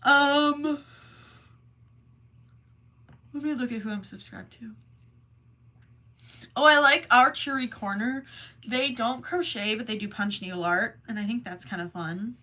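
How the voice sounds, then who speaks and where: A young woman hosting a crochet livestream, chatting casually and reading messages from the chat in a rambling, self-deprecating way. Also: fairly high pitch. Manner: slow, rambling and self-deprecating, with soft asides.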